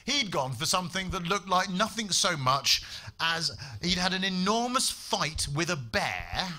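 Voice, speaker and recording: A man's voice: sits high, sing-song, unhurried, sharp tone. A man doing a stand-up comedy set on a club stage, telling stories in a dry, sardonic way with profane punchlines. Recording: live club with audible room noise.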